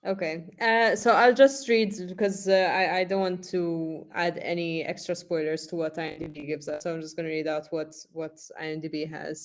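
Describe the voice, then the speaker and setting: A woman's voice: sits low, steady tone, moderate pace, few pauses. A woman co-hosting a casual review podcast, giving short agreeing replies and laughing often. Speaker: podcast co-host.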